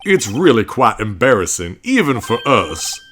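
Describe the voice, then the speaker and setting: A hearty middle-aged police chief with a broad southern drawl, as a man puts him on for a game playthrough. He booms out his words with a bright, forceful ring, and his pitch rolls up and down with easy, overfamiliar charm. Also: very animated, normal speed, slight background noise. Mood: smooth. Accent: American Southern (put on). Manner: folksy, booming, hands out nicknames.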